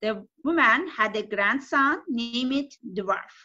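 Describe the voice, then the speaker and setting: A woman teacher reading a folk tale aloud in halting English during a lesson presentation. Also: fairly high pitch, expressive, pushed and bright. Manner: halting non-native English, slow careful reading. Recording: dull lo-fi recording.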